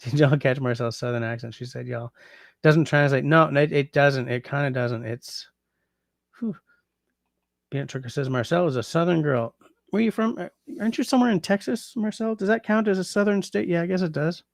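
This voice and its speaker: A man's voice: on the high side, a little fast, vocal fry, no echo, studio quality. A man hosting a casual livestream, reading out viewer comments and thinking aloud as he tries out French translations. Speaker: livestream host.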